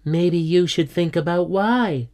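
A man's voice: fairly high pitch, animated, measured pace, a little mellow, clear, resonant tone, pitched above the performer's own voice. A man voicing a sensible, knowing young schoolgirl in a storybook reading, speaking in a lightened, raised voice.

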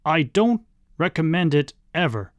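A playful, eccentric uncle chatters along in a breezy, matter-of-fact way, as a man reading a storybook puts him on. His pitch bounces lively up and down, and the voice sits dry and close to the mic. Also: measured pace, dry recording.

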